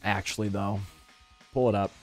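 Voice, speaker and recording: A man's voice: fairly low pitch, steady tone, moderate pace, a little mellow, faint music behind. A man streaming a video game, giving casual, sarcastic, joking commentary as he plays. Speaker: let's play streamer.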